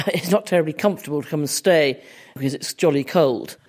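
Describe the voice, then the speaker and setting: A woman's voice: low-pitched, brisk, darkish tone, husky. A woman who owns an old manor house, chatting cheerfully in an interview and laughing as she talks. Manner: cheerful, laughs while talking. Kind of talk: casual interview chat.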